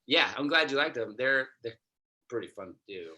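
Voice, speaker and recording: A man chatting as a guest, laid-back and halting, often laughing between his thoughts. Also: medium pitch, animated, bright, forceful tone. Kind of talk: casual chat.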